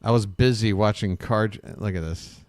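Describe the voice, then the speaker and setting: Male streamer, lowish voice, dry sound; casual, sarcastic, rambling riffing. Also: moderate pace, clear, resonant tone, dry recording. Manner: rambling, self-interrupting. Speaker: live-stream host. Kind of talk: casual live-stream commentary.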